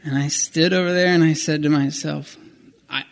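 High-voiced man telling a rambling story. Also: moderate pace, gravelly. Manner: rambling, self-correcting, animated. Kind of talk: personal travel story.

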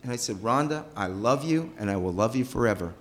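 A man's voice: brisk, slight background noise. A middle-aged man telling a personal story with emotion. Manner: emotional, animated, pitch rising and falling sharply.

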